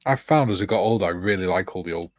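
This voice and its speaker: Casting note: low-voiced man, dry close sound, relaxed co-host reading chat comments aloud. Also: fast talker, no room sound. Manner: reads out chat comments, chuckles often. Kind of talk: casual chat on a modelling livestream.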